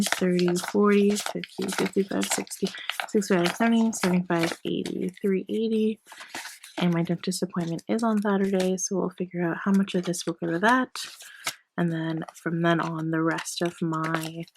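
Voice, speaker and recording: A woman vlogging about her budget in a casual, chatty way, a little hoarse as she loses her voice, often counting cash out loud. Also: mid-range voice, noisy background. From Canada. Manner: chatty, apologetic, counts bills aloud. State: losing her voice. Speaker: personal finance vlogger.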